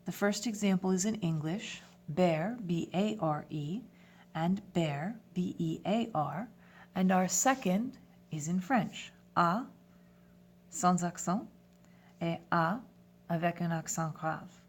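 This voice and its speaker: Female teacher, lowish voice, patient instructional delivery mixing English and French terms. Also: slow. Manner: clear, step-by-step instruction. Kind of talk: classroom lesson.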